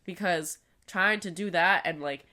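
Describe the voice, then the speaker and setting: This young adult podcast co-host recounts a story casually, peppering it with fillers and occasional swearing. Her pitch is fairly low, her pace unhurried, and her bright tone comes across as forceful.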